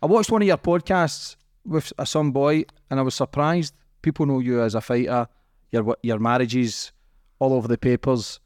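A man from Glasgow with a Glaswegian Scottish accent, hosting a casual podcast chat in a relaxed, teasing way. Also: medium pitch, no room sound, clean studio sound. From Glasgow, Scotland. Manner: relaxed, teasing, quick backchannel replies. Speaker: podcast host.

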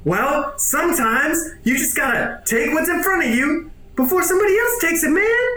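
A man's voice: very high voice, lively intonation, normal speed, sharp tone, voice pushed up, full character voice. A man voicing a cocky, muscular male cyborg who talks in a brash, taunting way. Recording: echoey room.

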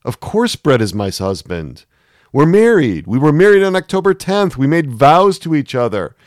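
A man's voice: mid-range voice, very animated, takes it slowly, creaky, dark tone, no room sound, clean studio sound, pitched above the performer's own voice, full character voice. A man voicing a distressed young married woman, pleading and insistent in a storybook reading. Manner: pleading, rising to insistent outbursts.

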